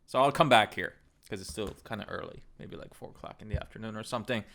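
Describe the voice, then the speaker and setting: A man's voice: fairly low pitch, quick pace, creaky, a bit bright. A man in his thirties telling a travel story in a casual, rambling, profane way. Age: 30s. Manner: profane, rambling, laid-back. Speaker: travel vlogger.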